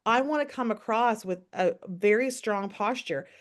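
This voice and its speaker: A woman's voice: medium pitch, normal speed. A woman giving a casual, upbeat sales training on a call, coaching listeners and often asking rhetorical questions. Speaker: network marketing team trainer.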